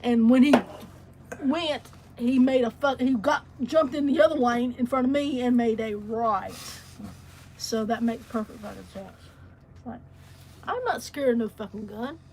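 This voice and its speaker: A woman's voice: a little high, normal speed, a little mellow, a little hiss or hum. A woman co-hosting a casual livestream chat, telling stories bluntly and with plenty of swearing. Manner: blunt, profane storyteller.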